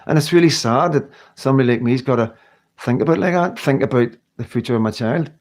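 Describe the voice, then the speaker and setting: A man's voice: mid-range voice, fast, a little mellow. A middle-aged man from the United Kingdom talking earnestly and emotionally to viewers on a live stream, rambling and often restarting his sentences. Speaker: livestream host.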